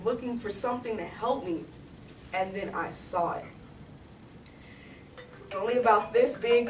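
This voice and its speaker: A young woman from Texas, telling a personal story on stage at a story slam in a chatty, animated way, full of "like". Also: a little high. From Texas, USA. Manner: chatty, animated, heavy use of "like". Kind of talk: live story slam performance. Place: stage before a live audience in a hall. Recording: echoey room, distant mic, faint noise.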